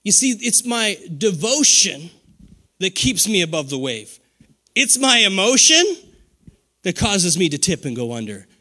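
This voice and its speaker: A pastor in his forties preaches an animated sermon with call-and-response. His high voice swoops widely in pitch, bright and forceful, yet his pace stays measured.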